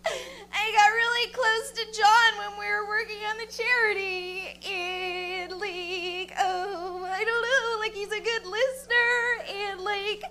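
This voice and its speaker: A tearful young woman, put on by a woman comic, babbles through her excuses between sobs. Her voice climbs high and goes soft and thin as she cries. The words tumble out in a breathless, rambling stream. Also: fairly even intonation, slow pace, faint music behind, heavily acted. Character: weepy young woman apologizing for cheating. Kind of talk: stand-up act-out.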